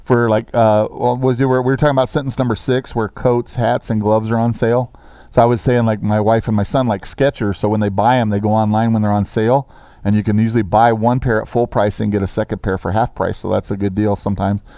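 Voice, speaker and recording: This dry recording captures a middle-aged man giving a sixth-grade language lesson in a classroom, reading sentences slowly for students to write down. He's brisk and encouraging, though his delivery is flat, his pitch fairly low, and his tone dark.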